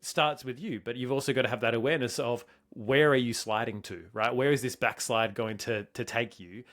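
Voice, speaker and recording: A man's voice: mid-range voice, fairly even intonation, fairly bright tone. A man co-hosting a fitness podcast, talking emphatically and swearing often as he makes his points. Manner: fast, emphatic, swears a lot. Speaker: podcast co-host. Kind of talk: motivational podcast talk.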